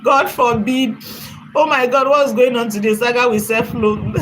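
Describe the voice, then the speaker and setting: A woman's voice: a little high, steady tone, a little slow, slight background noise, poor audio. A woman with a Nigerian accent, chatting and commenting on a live stream, laughing often and thanking viewers for donations at length.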